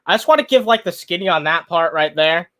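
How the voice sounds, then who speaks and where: A man's voice: on the high side, animated, fairly quick, sharp tone. A man streaming live, giving blunt, profane commentary on a video and greeting viewers in the chat, sometimes talking with his mouth full. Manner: talks while eating.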